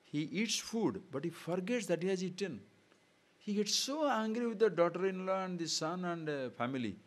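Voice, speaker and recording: Speaking at normal speed in a high voice, a man gives an animated discourse on scripture as a spiritual teacher, often asking his listeners rhetorical questions.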